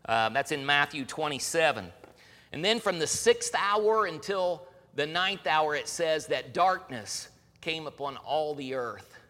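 A man preaching a sermon as a pastor, earnest, moving between raised emphasis and hushed, solemn passages. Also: on the high side, lively intonation, unhurried. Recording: long reverb of a large hall.

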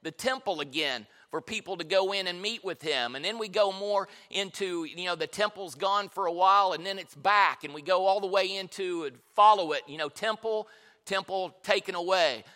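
Pushed and bright, the high voice belongs to a male pastor telling Bible stories in a church hall. His sermon is passionate and full of repetition, and the large hall adds a long reverb.

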